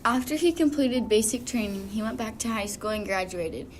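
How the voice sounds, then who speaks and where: A woman's voice: medium pitch, normal speed, a little hiss or hum. Young woman reading a script. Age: young, a student. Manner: steady reading. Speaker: student podcast narrator.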